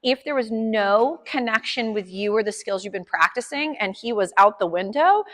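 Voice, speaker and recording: A woman's voice: medium pitch, moderate pace, big-room sound. Chatty, upbeat woman dog trainer. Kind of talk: explaining a training session to clients.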